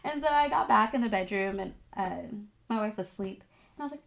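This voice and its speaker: A young woman talks straight to her viewers, telling a story in a loose, chatty way with plenty of filler words. Her voice leaps up high at the exciting parts, and she sometimes sounds close to tears. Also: a little fast, gravelly. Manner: animated, emotional, chatty with many "like"s. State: tearful at times. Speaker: vlogger, esthetics student. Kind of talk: casual storytelling to camera.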